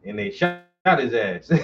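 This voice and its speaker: A man's voice: high voice, gravelly, sharp tone. A man telling profane, joking stories casually while he paints. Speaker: painter streaming while working. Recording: distant, dull lo-fi with faint noise.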